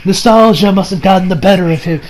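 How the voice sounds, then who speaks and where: Male reviewer, higher-pitched, casual rambling fan rundown. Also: quick pace, darkish tone, a little hiss or hum. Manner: gushing, rambling with many fillers. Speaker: anime reviewer.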